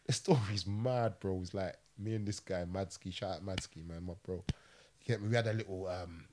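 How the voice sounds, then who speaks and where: A man's voice: low voice, moderate pace, a little mellow. Slangy man telling prison stories. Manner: slangy, swearing, frequent "you get me". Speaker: podcast host, ex-prisoner. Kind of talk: casual storytelling chat.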